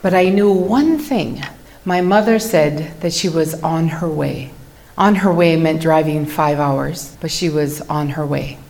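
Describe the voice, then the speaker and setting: A woman giving a personal testimony to an audience, earnest and reflective, telling her story in measured phrases. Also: low voice, a little mellow.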